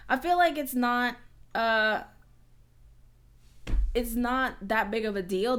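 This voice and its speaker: American woman streamer, slightly high-pitched, chatty live Q&A host, swings between loud bursts and whispers. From United States. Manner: chatty and animated, jumps from loud exclamations to whispered asides. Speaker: YouTuber hosting a live stream Q&A. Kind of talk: casual live-stream chat.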